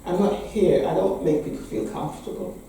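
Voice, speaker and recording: A woman's voice: fairly low pitch, fairly even intonation, a little fast, creaky, warm tone, distant mic, a little hiss or hum. Wry woman priest in an echoey hall. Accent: English. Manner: candid, wry, laughs often. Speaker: parish priest. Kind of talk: speech to a meeting.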